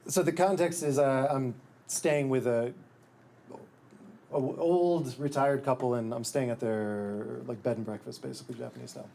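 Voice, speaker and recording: A man's voice: mid-range voice, normal speed, dark tone. A man, an author at a live bookstore event, reading from his book and talking about it in a dry, wry way, often restarting his sentences. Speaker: author and guest.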